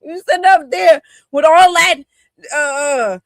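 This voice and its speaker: Sassy high-voiced woman mocking. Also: slow, no room sound. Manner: sassy, scornful, laughing, colloquial. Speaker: commentator on a political talk stream. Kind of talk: heated casual commentary.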